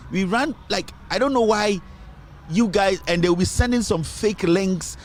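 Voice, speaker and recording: With slight background noise, a man with a Ghanaian English accent hosts an online news show, commenting on politics in a high, unhurried voice. He is emphatic, repeats phrases, and moves between English and Twi.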